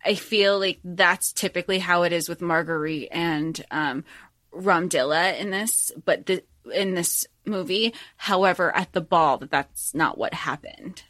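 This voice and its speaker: A young adult woman co-hosting a podcast in casual chat, animated, swearing freely and full of "like" and "um". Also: fairly low pitch, a little slow, no echo, studio quality. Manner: animated, swears freely, acts out movie lines; many fillers like "like" and "um". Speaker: podcast co-host.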